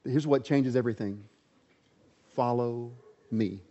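A man's voice: mid-range voice, brisk, warm tone. A man preaching a sermon, reading scripture aloud and repeating lines with rising emphasis, in a large hall. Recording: muffled sound with long hall reverb.

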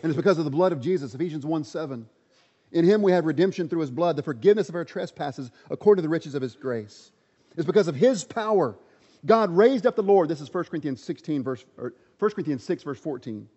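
A man's voice: on the high side, animated, fast, dark tone. A man preaching a sermon, reading scripture aloud and repeating lines with rising emphasis, in a large hall. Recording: muffled sound with long hall reverb.

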